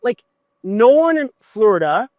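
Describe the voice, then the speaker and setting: A man in his thirties, a guest musician, telling stories with animated, fired-up energy in a casual podcast chat. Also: high voice, unhurried, no room sound. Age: 30s.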